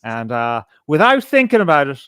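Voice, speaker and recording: A man's voice: fairly high pitch, sing-song, normal speed, sharp tone, clean tone, dry recording. A man co-hosting a podcast, chatting casually and telling rambling stories full of swearing. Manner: profane, rambling anecdotes. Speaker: podcast co-host. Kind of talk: casual chat.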